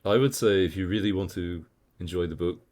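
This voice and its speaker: A man's voice: sits low, a little fast. A man co-hosting a book podcast, telling stories with laughter and playful mimicry. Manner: animated storyteller, laughs, mimics voices. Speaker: podcast co-host. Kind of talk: casual chat about books.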